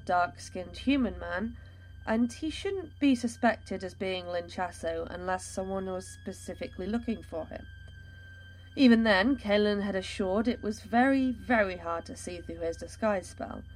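A woman narrating a fantasy story in a steady, measured storytelling voice. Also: mid-range voice, a little hiss or hum.

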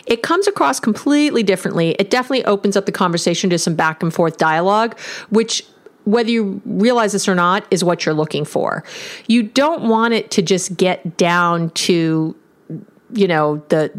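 A woman giving relationship advice on a podcast, talking emphatically and acting out sample phrases. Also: medium pitch. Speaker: relationship coach. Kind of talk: solo podcast advice talk.

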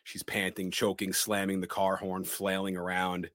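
A man's voice: deep voice, monotone, normal speed, fairly bright tone, no room sound, clean studio sound. A man co-hosting a podcast, recapping a movie scene by scene and acting out the characters' lines. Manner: narrates scenes dramatically, quoting characters in shifted voices. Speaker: podcast co-host.

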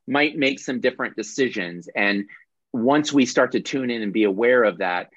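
A man's voice: medium pitch, animated, normal speed, a bit bright, dry recording. A man leading a workshop on a video call, teaching in a conversational way and correcting himself as he goes. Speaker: workshop leader. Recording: dull dry video-call audio.

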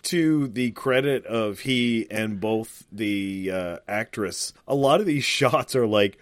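A man's voice: on the low side, takes it slowly, no echo, studio quality. A male podcast co-host in casual chat, enthusiastic and profane, with many fillers.

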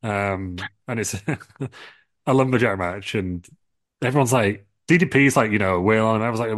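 A man's voice: on the low side, normal speed, no room sound. A man co-hosting a comedy podcast, telling a rambling made-up story with lots of ums, restarts and giggles. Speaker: podcast co-host.

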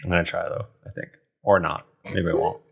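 A woman's voice: extremely low pitch, flat delivery, brisk, vocal fry, husky. A woman chatting casually as a regular on a tabletop game podcast, joking with dry asides. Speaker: podcast cast member. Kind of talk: casual chat, reading listener messages.

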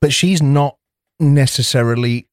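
A man swapping stories on a podcast, swearing freely and slipping into little put-on voices for the people in his anecdotes. His voice sits at an ordinary pitch and is recorded dry and close, with almost no room sound. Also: unhurried, dry recording. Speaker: podcast co-host. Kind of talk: casual chat.

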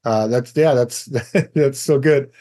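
A man co-hosting a faith podcast, talking in a relaxed, emphatic way and laughing often. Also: mid-range voice, slow pace. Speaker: podcast co-host. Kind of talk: casual faith discussion.

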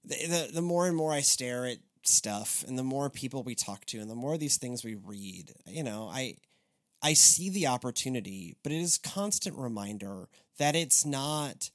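A man hosting a church podcast in casual chat, rambling with restarts and animated asides. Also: mid-range voice, normal speed. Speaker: podcast host.

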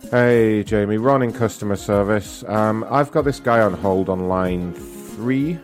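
A man's voice: fairly low pitch, a little slow, soft background music, close to an everyday voice. A man playing a crude, sneering customer service worker in a put-on English accent. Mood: scornful.

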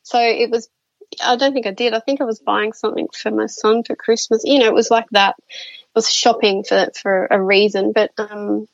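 A chatty woman with a somewhat high voice tells her stories in a relaxed interview, full of fillers and restarts. The sound is dry and a little dull, like a lo-fi remote recording. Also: normal speed, vocal fry, dry recording. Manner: chatty, many fillers and restarts, laughs often. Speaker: guest. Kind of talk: casual interview storytelling.

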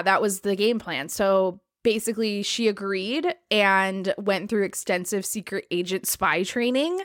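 A woman's voice: mid-range voice, a bit bright, no room sound, studio quality. A woman co-hosting a podcast, casually retelling a history story with lots of filler words. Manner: chatty, many "like" fillers, laughs easily.

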